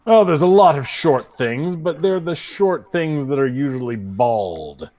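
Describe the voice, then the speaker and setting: A man playing a pompous orc gentleman, Gothmog. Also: on the high side, animated, unhurried. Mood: snobbish. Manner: posh, drawling and snobbish. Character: fussy, pompous male orc gentleman with monocle.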